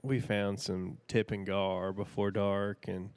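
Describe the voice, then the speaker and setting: Man, thirties, low voice, dry close sound; easygoing storyteller with a folksy, rambling delivery. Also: level tone, slow pace, no room sound. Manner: folksy, rambling, laughs often. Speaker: podcast guest. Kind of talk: casual storytelling.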